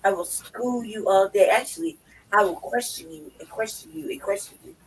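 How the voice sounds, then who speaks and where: A man with a high voice co-hosts a casual podcast chat. He talks brashly and boastfully, with plenty of cursing. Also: normal speed, fairly bright tone, recorded from a distance, poor audio. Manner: brash, profane, boastful banter. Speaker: podcast co-host.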